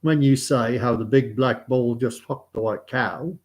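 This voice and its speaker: A man's voice: mid-range voice, unhurried, close to an everyday voice. A man voicing a plain-spoken old farmer with a put-on Northern English accent, talking in a patient, coaxing way.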